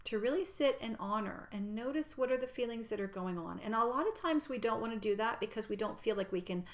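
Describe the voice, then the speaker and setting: Gentle, reassuring woman teacher. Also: fairly high pitch, expressive, brisk. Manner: gentle, reassuring, drops into soft near-whispers. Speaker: personal growth teacher. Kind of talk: reflective teaching talk.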